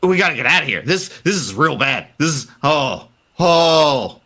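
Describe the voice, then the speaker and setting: A man's voice: a little high, animated, normal speed, sharp tone, voice pushed up, heavily acted. A man voicing a panicked doctor in the Old West who stammers and pleads. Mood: frantic.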